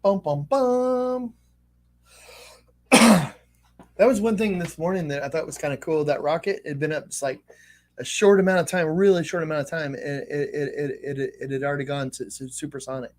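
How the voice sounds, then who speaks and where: A man hosting a casual live stream, thinking aloud in a halting way with many restarts. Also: on the high side, fairly even intonation, darkish tone.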